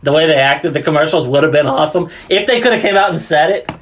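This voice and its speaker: Crude, joking man with a higher voice. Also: fast, slight background noise. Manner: crude, profane joking with many fillers. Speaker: podcast co-host. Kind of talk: casual chat.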